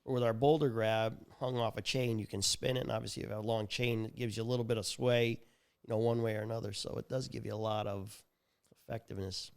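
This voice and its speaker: A man's voice: lowish voice, steady tone, quick pace, creaky, clean tone. A man talking about his company's tools on a podcast, telling customer stories with enthusiasm. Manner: enthusiastic salesman storytelling. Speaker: tool company representative. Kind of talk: casual podcast chat.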